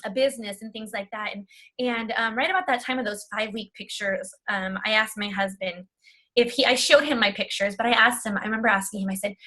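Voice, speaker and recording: A woman's voice: mid-range voice, brisk, pushed and bright. A woman telling her coaching story on a video call, chatty and emotional, often quoting herself and others. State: tearful at times. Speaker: fitness coach. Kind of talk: personal testimony on a video call.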